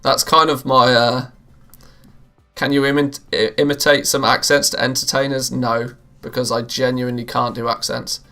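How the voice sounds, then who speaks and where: A man's voice: medium pitch, little pitch movement, moderate pace, pushed and bright, faint music behind. A British man hosting a live gaming stream, chatting casually with viewers and laughing often. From England, near Liverpool. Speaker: livestream gamer host.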